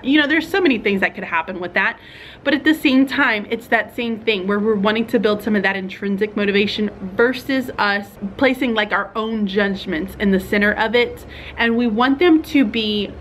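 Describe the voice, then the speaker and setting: Teacher lady vlogging, chatty and thinking out loud, slight hum behind her. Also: medium pitch. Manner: chatty, thinks aloud with fillers and laughs. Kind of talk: casual vlog talk to fellow teachers.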